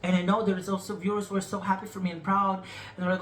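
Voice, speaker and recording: A man's voice: high voice, level tone, quick pace, fairly bright tone, slight background noise. A man vlogging about his personal healing, talking in an emotional, rambling way that repeats itself and trails off, frank and a bit teasing with his viewers. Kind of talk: candid personal storytelling to camera. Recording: echoey room recording.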